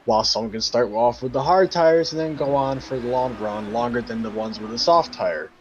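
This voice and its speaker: A man's voice: mid-range voice, fairly quick, slight background noise. Man on a dull, lo-fi voice chat line. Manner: explains plainly, with ums. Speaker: guest commentator.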